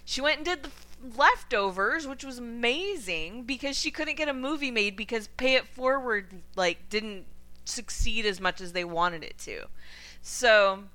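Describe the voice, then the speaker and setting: A woman co-hosting a podcast in casual chat, ranting with animated indignation and laughing often. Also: a little high, unhurried. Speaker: podcast co-host.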